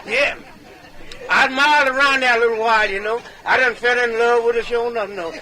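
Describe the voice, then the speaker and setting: A man's voice: extremely high pitch, fairly even intonation, brisk, sharp tone, some chatter behind, poor audio. A man telling comic tall tales in a folksy, drawling way, chuckling between punchlines like a medicine show comedian. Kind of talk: comic tall-tale storytelling.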